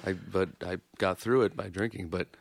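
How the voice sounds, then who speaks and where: An American musician in casual chat as a podcast co-host, self-deprecating and quick to laugh. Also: male voice, deep voice, fairly even intonation, gravelly, no room sound. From United States.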